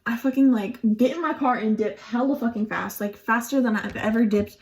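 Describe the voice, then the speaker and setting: A woman's voice: fairly high pitch, fairly quick, a little mellow. A young adult woman telling a casual storytime on her vlog, chatty and profane, with lots of "like". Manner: chatty and profane, heavy use of "like". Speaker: vlogger.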